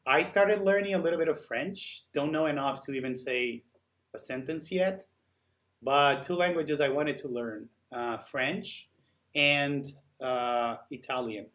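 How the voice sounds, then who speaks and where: A man's voice: on the high side, a little slow, fairly bright tone. A man hosting a live stream, chatting casually and answering viewer comments while he works.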